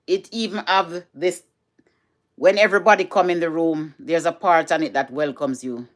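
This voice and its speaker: This vlogger is a middle-aged Jamaican woman with a Jamaican accent, talking casually to camera from home at a moderate pace. Her lowish voice keeps a fairly even intonation as she chats, repeats things, and switches into patois.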